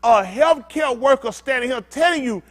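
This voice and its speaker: High, lively-voiced blunt male preacher. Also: moderate pace. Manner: emphatic, swinging between loud outbursts and low muttered asides; blunt, street-talking preacher. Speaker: pastor. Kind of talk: sermon teaching with call-and-response.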